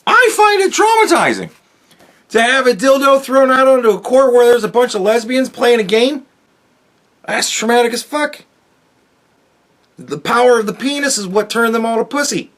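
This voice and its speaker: A man's voice: very high voice, lively intonation, moderate pace, pauses often, a bit bright. A man hosting a podcast, ranting angrily and sarcastically with lots of swearing. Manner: angry, profane, sarcastic ranting. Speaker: podcast host. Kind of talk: solo podcast rant.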